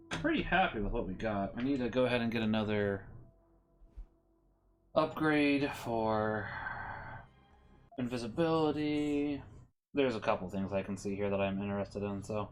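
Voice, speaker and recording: A man streaming a game, thinking aloud in a relaxed way and reading passages aloud plainly. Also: lowish voice. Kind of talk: casual gameplay commentary and prayer reading.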